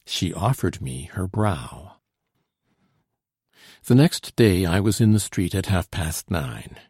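A man narrating an audiobook in a measured, expressive storytelling manner. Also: sits low, breathy edge, dry recording, clean studio sound.

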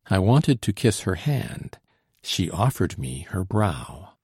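A man reading a period novel aloud in a measured, formal manner. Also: low-pitched, very animated, darkish tone, breathy edge, dry recording, clean studio sound. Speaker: audiobook narrator. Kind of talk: scripted narration.

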